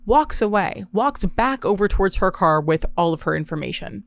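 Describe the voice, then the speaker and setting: A woman hosting a podcast alone, telling a story in a wry, profane, deadpan way. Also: mid-range voice, moderate pace, creaky. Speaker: podcast host. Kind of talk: casual solo storytelling.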